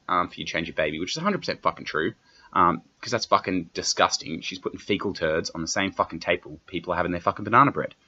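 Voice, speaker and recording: A young Australian man with a very deep but sharp, bright voice hosts a solo comedy podcast. He rambles and swears nonstop in a brash, offhand way, and the recording sounds slightly dull and lo-fi. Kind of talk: profane solo podcast rant.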